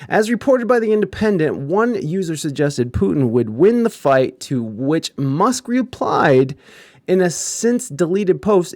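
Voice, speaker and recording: A man's voice: fairly high pitch, expressive, measured pace, a little mellow, dry recording, clean studio sound. A young man hosting a podcast, reading news aloud in a casual chat style and riffing with laughs and swearing. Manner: laughing, swearing, riffing between read lines. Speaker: podcast host.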